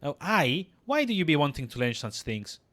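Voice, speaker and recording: A man's voice: on the high side, big pitch swings, normal speed, pushed and bright. A man voicing a sly, cackling old midwife from a game, in a teasing old-timey dialect. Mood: gruff. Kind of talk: reading game dialogue aloud.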